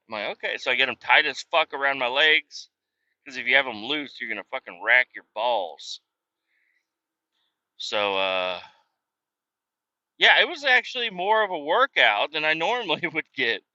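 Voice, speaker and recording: A man in his thirties hosts a podcast, telling rambling, profane stories in a casual monologue and acting out what others said. His mid-range voice sounds pushed and bright. The recording is dry, with dull lo-fi sound.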